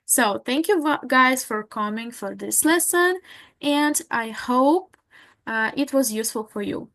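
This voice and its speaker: A woman who is not a native English speaker teaches a recorded online lesson. She speaks slowly and carefully and repeats each example phrase. Her voice sits a little high. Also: animated, a bit bright.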